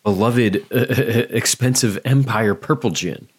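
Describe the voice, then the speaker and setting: A man's voice: mid-range voice, slow pace, breathy edge. A man in casual podcast chat, joking crudely and steering the show to the break. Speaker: podcast co-host.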